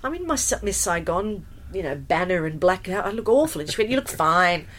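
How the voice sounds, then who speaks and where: A woman, a musical theatre performer chatting in an interview, animated and full of fillers and restarts. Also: medium pitch, a little fast. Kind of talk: casual interview storytelling.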